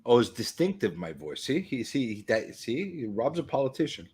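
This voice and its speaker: A loud man, joking brashly in a casual chat as co-host. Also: medium pitch, big pitch swings, moderate pace, slight background noise. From New York.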